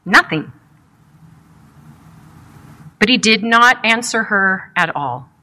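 A woman preaching a sermon in a reflective, measured storytelling manner, asking rhetorical questions. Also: medium pitch, lively intonation, pushed and bright.

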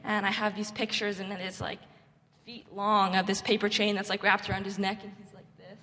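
A woman's voice: medium pitch, little pitch movement, a little fast, a bit bright. Chatty young woman in a reverberant hall. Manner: chatty, lots of "like" fillers. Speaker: camp volunteer sharing stories. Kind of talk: casual storytelling talk.

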